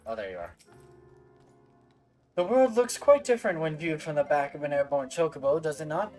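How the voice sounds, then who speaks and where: A man's voice: fairly high pitch, lively intonation, normal speed, a little mellow, soft background music, pitched above the performer's own voice, natural voice. A man voicing a courteous young male noble, reading game lines politely and formally. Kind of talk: reading game dialogue aloud with voices.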